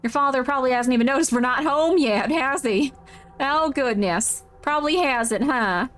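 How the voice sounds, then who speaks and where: A woman voicing a gentle mother who softly reassures her frightened child. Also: high-pitched, moderate pace, faint music behind. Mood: motherly. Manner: soft, reassuring, coddling.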